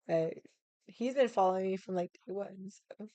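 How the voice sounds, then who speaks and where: A woman's voice: mid-range voice, moderate pace, warm tone, no echo, lo-fi sound. A young adult woman streamer chatting casually with her viewers, rambling and swearing often. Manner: rambling, swears a lot, many likes.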